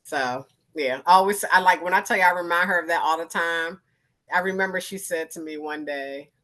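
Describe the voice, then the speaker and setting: Animated woman in her fifties. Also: lowish voice, fairly quick, poor audio. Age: 50s. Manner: animated, acts out quoted voices, laughs often. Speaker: arts organization founder, guest speaker. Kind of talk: candid panel conversation.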